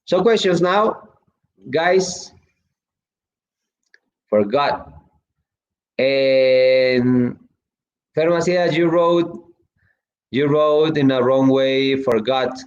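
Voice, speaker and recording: English teacher guy, rambly and chatty, lots of um and well, middle pitch, kinda muffled audio. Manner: chatty, lots of fillers and restarts. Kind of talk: online class, reading student chat.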